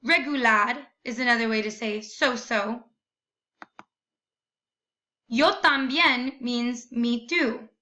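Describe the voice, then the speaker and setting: A young woman teacher walks through a lesson, slowing down to model each phrase with care. Her voice sits a little high and sounds bright and forward. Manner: slow, careful modeling of phrases. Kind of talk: recorded classroom lesson.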